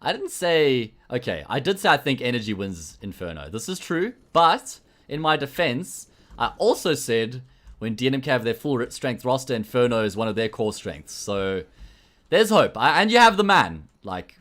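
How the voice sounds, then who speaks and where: Between matches on his solo esports livestream, a South African caster chats with viewers, joking and rambling with frequent restarts. He speaks at normal speed with a medium pitch, big pitch swings, and a fairly bright tone.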